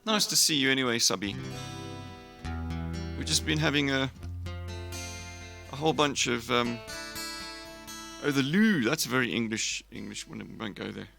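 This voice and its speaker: Gravelly-voiced man rambling on stream. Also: medium pitch, moderate pace, pauses often, over music. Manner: rambling, chuckling, talks to chat. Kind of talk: casual live stream chat.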